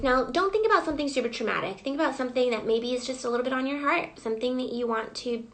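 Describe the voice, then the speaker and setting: Higher-voiced woman coach with gravelly fry. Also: low-quality recording. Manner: guiding, prompting listeners with repeated questions. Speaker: emotional wellness coach. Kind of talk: live guided reflection session.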